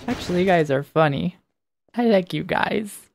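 A woman giving casual let's play commentary, chatty and teasing the enemies, her voice slightly hoarse. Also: sits low, fairly quick, a little hiss or hum. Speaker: gamer playing a shooter.

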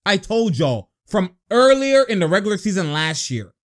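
A man reacting to a basketball game in casual slang, laughing often and yelling at the plays before sliding into a long rant. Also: high-pitched, very animated, normal speed. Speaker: sports reaction vlogger.

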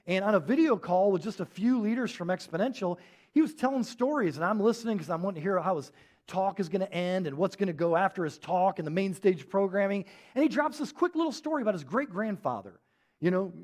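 A man preaching a sermon in a church, telling stories in a casual, animated way with lots of filler words. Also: high-pitched. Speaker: pastor.

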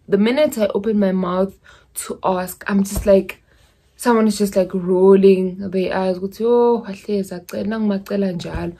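A woman's voice: mid-range voice, mellow. A young woman from South Africa with a South African accent, chatting casually in a vlog and slipping in Zulu phrases as she rambles through stories. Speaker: YouTuber.

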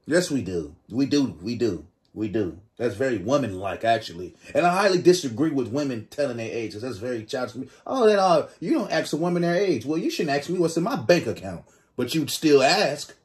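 Animated joking young man reacting. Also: medium pitch, brisk. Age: 20s. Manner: loose, joking, animated slang. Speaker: reaction video host. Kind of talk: casual reaction commentary.

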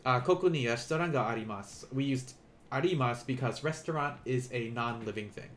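A man's voice: mid-range voice, brisk. Casual man teaching on a live stream. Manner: relaxed, chatty explaining with frequent fillers and restarts. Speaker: Japanese teacher.

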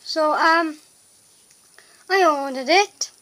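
A woman's voice: sits high, drawn-out words, fairly bright tone, rough recording. A young woman, chatting in a rambling, flustered vlog with lots of filler words. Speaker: vlogger. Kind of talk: casual vlog chat.

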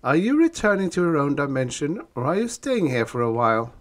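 A man's voice: big pitch swings, fairly quick. Man doing a jittery, stammering writer. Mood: nervous. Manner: anxious, stammering, raised pitch. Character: nervous jittery male science-fiction writer. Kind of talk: audiobook character voice.

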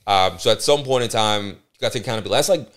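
A man's voice: on the low side, very fast, fairly bright tone. A man hosting a podcast, talking bluntly and emphatically, with plenty of swearing and repeated restarts. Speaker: podcast host. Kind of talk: casual podcast commentary.

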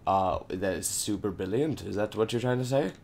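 A young man chatting while gaming with friends, excitable and goofy, making silly noises and jokes. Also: lowish voice, moderate pace, creaky, a little hiss or hum. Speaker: gaming channel host. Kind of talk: casual gaming chat with friends.

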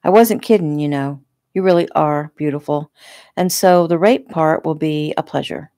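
A calm, coaxing male attacker who threatens in an even, quiet voice, voiced by a woman reading her own book. The voice sits low with a gravelly edge, and the audiobook sound is close and dry. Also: moderate pace, dry recording. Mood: cold coaxing. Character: menacing male attacker, soft-spoken and cold.

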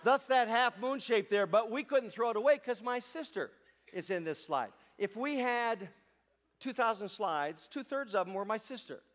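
A man doing stand-up comedy, telling stories on stage to a live audience in a playful, chatty way with deadpan asides. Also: high-pitched, normal speed.

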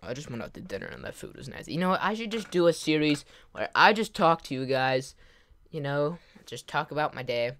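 Rambling excitable young man vlogger. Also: fairly high pitch, fairly quick. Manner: rambling, excitable, lots of fillers and laughs. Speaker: gaming vlogger. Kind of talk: casual storytelling to camera.

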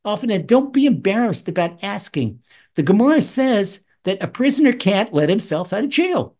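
A man teaching Psalms as a rabbi, animated, acting out voices with wide swings in pitch. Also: moderate pace. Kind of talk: Torah lesson.

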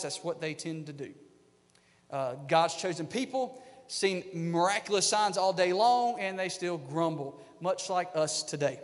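A man with a high, light voice delivers a sermon, talking conversationally and then rising into emphatic bursts. His words ring out with a long reverb from the church sanctuary around him. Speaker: associate pastor.

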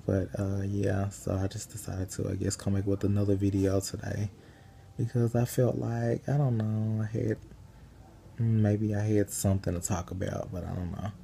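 A tired young man chatting loosely to camera while lying in bed, his low voice gravelly and mellow. He rambles at an easy, unhurried pace. A faint hiss sits under the recording. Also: flat delivery. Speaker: vlogger. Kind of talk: casual chat.

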